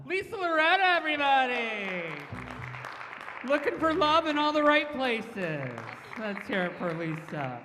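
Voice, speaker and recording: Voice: high voice, big pitch swings, unhurried, background noise. A show host hyping up the crowd and introducing the next comedian on stage. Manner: hyped, shouting to the crowd. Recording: live room with long echo and crowd.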